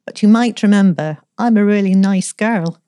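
A woman voicing a calm, teasing, kind-hearted young woman who speaks drily and cheerfully. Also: medium pitch, normal speed, dry recording, clean studio sound, pitched above the performer's own voice, close to an everyday voice. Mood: dry.

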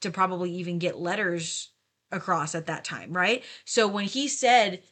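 A woman's voice: on the low side, moderate pace, fairly bright tone. A woman co-hosting a casual Bible discussion podcast, thoughtfully explaining historical context. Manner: thoughtful, explanatory, asks listeners to imagine. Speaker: podcast co-host.

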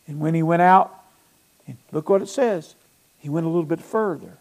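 A male pastor from North Alabama with a Southern accent, preaching a sermon in a church, retelling scripture with animated, emphatic bursts. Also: fairly high pitch, normal speed.

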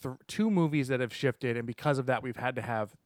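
A man's voice: mid-range voice, a little fast, no room sound, clean studio sound. A young adult man hosting a casual podcast chat, rambling and correcting himself as he explains things. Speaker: podcast host.

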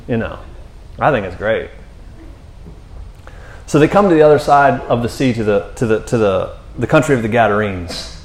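A man's voice: medium pitch, expressive, fairly quick, darkish tone. Guy pastor preaching casual, mid voice, roomy echo. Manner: casual, conversational, full of fillers like "man" and "you know". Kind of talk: sermon. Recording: echoey room.

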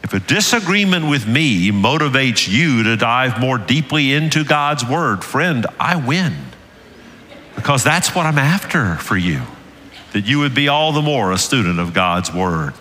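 A man's voice: medium pitch, animated, measured pace, pushed and bright. An older man with a Southern US accent preaching a sermon as lead pastor, earnest and building to emphatic peaks. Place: church sanctuary. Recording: reverberant church hall.

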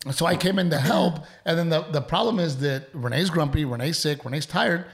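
A man's voice: on the high side, fairly quick. A young adult man telling a story on a podcast, acting out quotes and swearing freely. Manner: animated, acts out quotes, swears. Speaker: podcast co-host. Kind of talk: casual storytelling chat.

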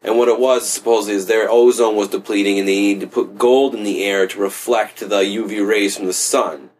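A man's voice: on the low side, steady tone, a little fast, darkish tone, a little hiss or hum. Rambling man in casual chat. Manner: rambling, loose, swears casually, many fillers. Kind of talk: casual conversation.

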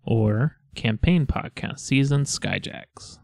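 Gravelly-voiced man, casual podcast chat. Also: medium pitch, animated, slow, darkish tone, no room sound, clean studio sound. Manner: rambling, laughs often. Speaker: podcast co-host.

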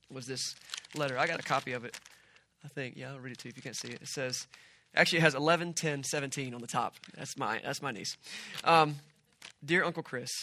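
Middle-aged male pastor, animated conversational sermon, bright voice, dry close sound. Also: mid-range voice, no echo. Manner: animated, conversational preaching with asides.

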